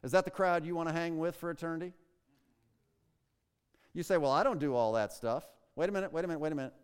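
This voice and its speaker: A man preaching a sermon in a slightly high, smooth, resonant voice, pressing hard on key words and firing rhetorical questions at his listeners. His voice rings out with the long reverb of a large hall. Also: a little mellow. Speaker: pastor.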